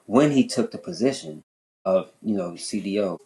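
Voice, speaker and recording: A man on a podcast telling a long story in casual chat. He talks in an animated, profane way, often repeating and restarting his phrases. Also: normal speed, vocal fry, rough recording. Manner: animated, profane, pitch jumping high when worked up. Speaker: podcast host.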